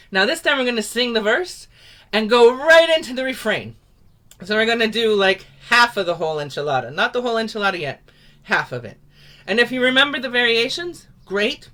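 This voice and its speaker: A woman's voice: a little high, pushed and bright. A woman teaching a folk song in an encouraging, patient and playful way. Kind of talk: leading a sing-along lesson.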